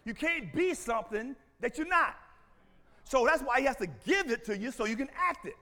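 A man preaching a sermon as pastor, animated and playful, calling out to the congregation and bursting into shouts. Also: very high-pitched, moderate pace. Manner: playful, teasing, laughs often.

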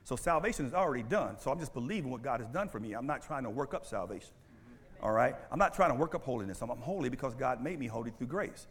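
A male pastor preaching a sermon in church on a mic, animated and full of call-and-response questions. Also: medium pitch, fast, long reverb tail. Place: church sanctuary. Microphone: handheld or stand mic.

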